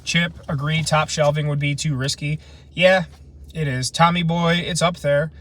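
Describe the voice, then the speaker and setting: A man's voice: fairly high pitch, fairly even intonation, normal speed, a bit bright. A man in his late twenties hosting a casual camping livestream, rambling and slangy while chatting with viewers outdoors at night. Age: late 20s. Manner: loose, rambling, slangy and self-deprecating. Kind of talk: casual live chat reading comments. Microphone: phone livestream.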